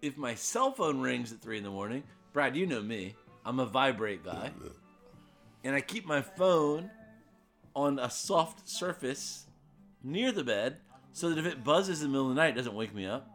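A man's voice: medium pitch, moderate pace, faint music behind. A man co-hosting a casual podcast, telling a rambling anecdote in a loose, chatty way. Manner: rambling anecdotal storyteller, lively. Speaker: podcast co-host. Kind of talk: casual chat, storytelling.

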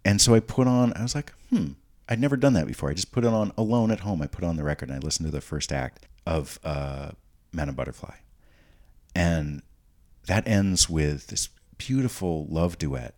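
Very deep-voiced man telling stories. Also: normal speed, darkish tone. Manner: rambling, frequent restarts and asides. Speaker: podcast guest. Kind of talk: casual storytelling.

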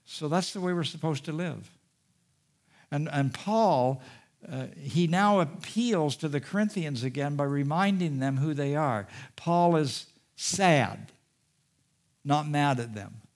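A man preaching a sermon, reading scripture aloud and commenting, with emphatic peaks and quiet, soft-spoken asides. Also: a little high, unhurried. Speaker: pastor.

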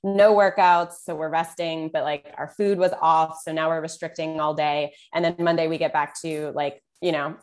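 A woman nutrition coach with a fairly low voice, chatting as a podcast guest. She tells stories at a casual pace and grows animated when she acts out her own words. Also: normal speed, few pauses. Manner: storytelling, animated when quoting herself. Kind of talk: casual interview chat.

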